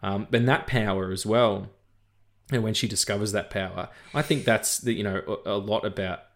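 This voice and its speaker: A man's voice: on the low side, fairly even intonation, normal speed. A man in his thirties co-hosting a casual film podcast, rambling with many fillers and swearing. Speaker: podcast co-host.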